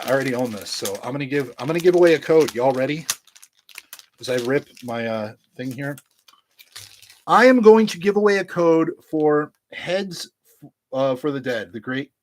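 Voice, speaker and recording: A man casually showing off his vinyl records to camera, rambling and joking crudely as he talks straight to his viewers through a webcam. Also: medium pitch. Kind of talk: casual unboxing chat to camera.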